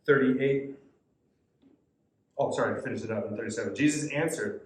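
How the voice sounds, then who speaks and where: A man's voice: medium pitch, normal speed, long pauses. A man leading a youth Bible study, reading scripture aloud and explaining it in a conversational way. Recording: echoey room.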